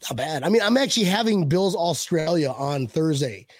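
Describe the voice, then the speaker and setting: A man's voice: a little high, animated, normal speed, dry recording. A man hosting a casual sports fan chat, joking and rambling with restarts. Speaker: podcast host.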